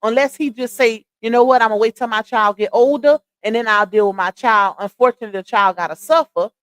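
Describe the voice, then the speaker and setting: This high-voiced young woman runs a casual commentary livestream, firing off emphatic opinions straight at her viewers. Her delivery is brisk and fairly bright, and the sound is close and dry with no echo or room tone.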